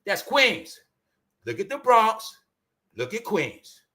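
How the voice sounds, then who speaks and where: A man's voice: sits high, very animated, slow, bright, forceful tone. A man with a New York accent ranting in a profane, emphatic solo commentary, answering his own points with "that's right.". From Brooklyn, New York. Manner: profane, emphatic, repetitive call-and-response. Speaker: YouTube commentator.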